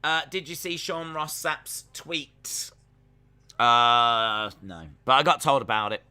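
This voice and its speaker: A man's voice: medium pitch, slow, pushed and bright, clean tone. A young man hosting a live stream, casually reacting to a wrestling show and reading chat messages aloud. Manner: chatty, jokey, talks to chat while watching.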